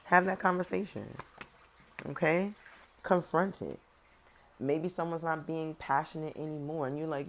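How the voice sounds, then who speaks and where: A woman giving a casual tarot reading, talking straight to her viewers in a sassy, animated way. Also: deep voice, unhurried, pauses often, slight background noise. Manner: animated, swings between loud emphasis and soft serious tones. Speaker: tarot reader.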